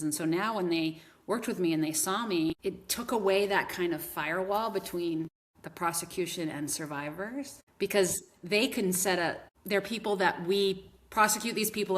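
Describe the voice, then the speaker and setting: A woman advocate in a podcast conversation, telling a painful family story earnestly, with many restarts. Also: on the low side.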